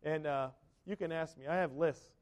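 A man's voice: fairly high pitch, moderate pace. A man preaching a sermon to a congregation, conversational, often asking the listeners questions. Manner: conversational, asks the congregation questions, acts out quotes. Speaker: pastor.

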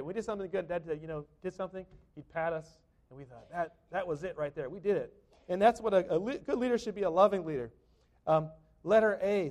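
A man's voice: high-pitched, darkish tone. A middle-aged man preaching a conversational sermon as a pastor, often ending points with rhetorical tag questions.

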